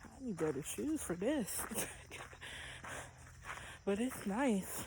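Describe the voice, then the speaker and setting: A woman out of breath, talking quietly to her camera while hiking an outdoor trail. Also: mid-range voice, big pitch swings, slow, noisy background. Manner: breathless, quiet, talks between gasps. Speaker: vlogger. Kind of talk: casual vlog chat on a walk.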